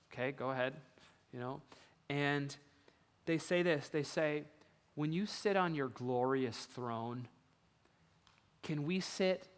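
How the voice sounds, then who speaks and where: A man preaching a sermon in a casual, conversational way, dropping to a hush and then rising loud with excitement. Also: fairly high pitch. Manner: animated, conversational, swings from hushed to loud. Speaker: pastor. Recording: reverberant hall.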